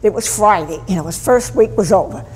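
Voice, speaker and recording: A Catholic nun telling stories in an animated sermon to a school audience, with sudden bursts of emphasis. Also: female voice, medium pitch, fairly quick. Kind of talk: storytelling sermon. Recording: hall recording with faint ambient noise.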